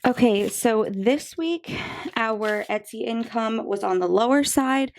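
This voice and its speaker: A woman's voice: fairly high pitch, slow. Bubbly young woman vlogging about budgeting. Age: 20s. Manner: chatty and bubbly, many fillers and asides. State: out of breath. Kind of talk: casual chat to camera.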